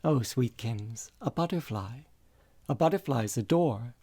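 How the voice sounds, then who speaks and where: A man reading the part of a dying elderly mother, speaking softly and tenderly. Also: medium pitch, animated, unhurried, slightly rough, dry recording, studio quality. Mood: musing. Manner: soft, tender, reflective.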